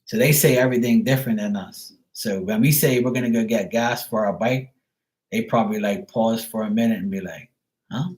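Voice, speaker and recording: Speaking briskly in a lowish, darkish voice, this man from Bermuda reads tarot on a live stream with a Bermudian accent. His talk is loose and rambling, loaded with "like" and casual cursing, and the recording is rough.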